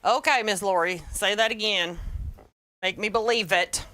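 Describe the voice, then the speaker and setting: A woman's voice: medium pitch, moderate pace, bright, forceful tone, dry recording. Chatty Southern woman, close and dry. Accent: Southern American. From American South. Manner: chatty, greets viewers by name. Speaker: livestream host, wreath maker. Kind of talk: casual livestream craft tutorial.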